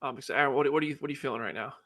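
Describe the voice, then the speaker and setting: A man hosting a live show, chatting casually and joking, rambling with quick restarts. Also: medium pitch, pushed and bright. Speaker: host.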